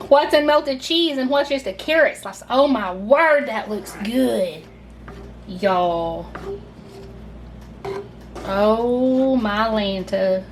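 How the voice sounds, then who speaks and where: The voice sits high as a Southern woman talks viewers through a home cooking video, gushing and chatty with frequent "y'alls." A little hiss or hum runs under the casual recording.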